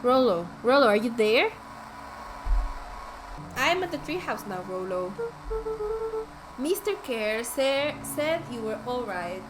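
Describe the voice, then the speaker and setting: Worried young boy hero, read by a woman, urgent, calling out, game dialogue, higher-pitched. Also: animated, slow pace, over music, rough recording. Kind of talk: reading game dialogue aloud.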